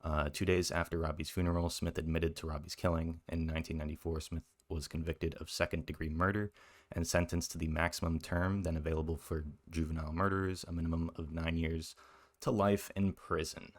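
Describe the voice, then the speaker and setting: A man's voice: very deep voice, flat delivery, fairly quick. A man hosting a commentary video, talking in an indignant, emphatic way, swearing and repeating his points. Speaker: commentary channel host. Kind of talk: reaction commentary.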